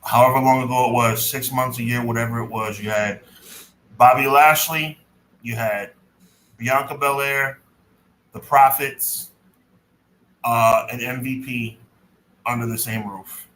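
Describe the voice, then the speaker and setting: A man's voice: mid-range voice, steady tone, measured pace, long pauses, a bit bright, a little hiss or hum, low-quality recording. A man co-hosting a casual wrestling podcast, making blunt, sardonic remarks. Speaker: podcast co-host.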